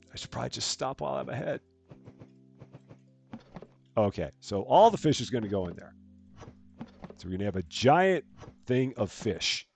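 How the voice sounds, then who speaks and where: A man's voice: mid-range voice, animated, normal speed, gravelly, long pauses, soft background music. A man hosting a live stream of a store-running game, chatting casually, reading out jokes and greeting chat viewers. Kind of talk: casual gameplay commentary.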